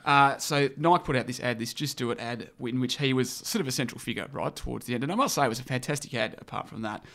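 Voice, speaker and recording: Young aussie podcast host, fast and opinionated, keeps it moving. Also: male voice, mid-range voice, gravelly, a bit bright. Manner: brisk, opinionated, drives the topics. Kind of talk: casual political chat.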